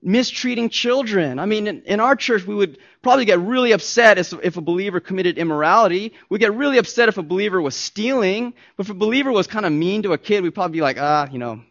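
High-voiced man preaching emphatically. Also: fast talker, vocal fry, few pauses. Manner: emphatic preaching, swings from soft to loud. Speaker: pastor. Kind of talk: sermon. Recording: dull lo-fi recording.

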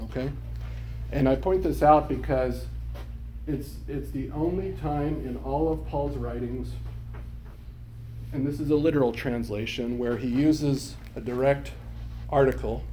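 Man, Bible class teacher, mellow voice, patient explanations, faint background hiss. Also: mid-range voice, unhurried, pauses often. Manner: explanatory, checks understanding with questions.

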